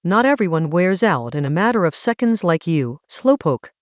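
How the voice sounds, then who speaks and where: A feisty teenage girl fighter, fed up and sharp-tongued, read in a flat text-to-speech woman's voice. The storybook voice has lively pitch and a dull, dry sound. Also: moderate pace, dry recording. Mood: annoyed. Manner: flat synthetic reading. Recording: dull lo-fi dry synthetic audio.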